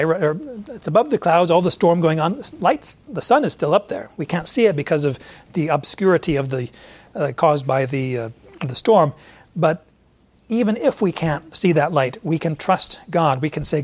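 A man's voice: on the high side, animated, normal speed, husky. A man with a slightly raised voice preaching verse by verse. He talks it through conversationally, searching aloud for verse numbers with fillers and now and then turning to ask a listener questions directly. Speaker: pastor. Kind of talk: expository sermon.

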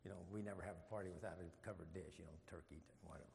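A man's voice: deep voice, steady tone, rapid-fire, vocal fry, darkish tone, long reverb tail, a little hiss or hum. A man leading an informal Bible study, folksy and joking, with rambling asides.

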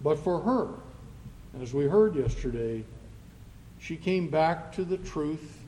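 A man delivers a sermon in a high voice, taking his time over each phrase. He lifts into loud, emphatic readings of scripture. The sound rings with the long reverb of a church hall. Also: a little hiss or hum. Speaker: pastor.

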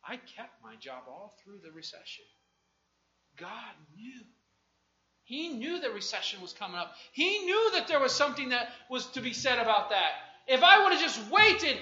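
A high, bright male preacher voice delivering a sermon, animated and swinging between quiet asides and loud outbursts. The sound is roomy with echo and a dull, muffled recording quality. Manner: animated, swings from hushed to shouting. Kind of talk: sermon with personal testimony.

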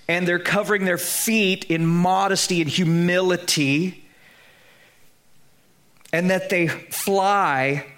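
A man's voice: high voice, a bit bright. A man preaching a sermon, teaching with emphasis and putting rhetorical questions to his listeners. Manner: slows down to stress key phrases. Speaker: pastor.

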